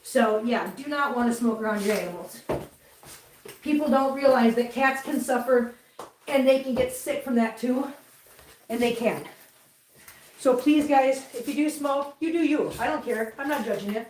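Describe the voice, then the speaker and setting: A woman's voice: sits high, normal speed, darkish tone, echoey room, far from the mic, slight background noise. A woman vlog host chatting casually as she cleans at home, rambling along and cooing to her cats. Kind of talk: casual chat while cleaning. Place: home, indoors.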